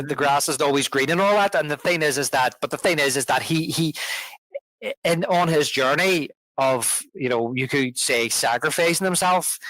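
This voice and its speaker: A man's voice: medium pitch, a bit bright, no room sound, low-quality recording. A man co-hosting a film podcast, chatting casually and retelling film scenes at length while quoting their lines and chuckling often. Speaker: podcast co-host. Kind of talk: casual film review chat.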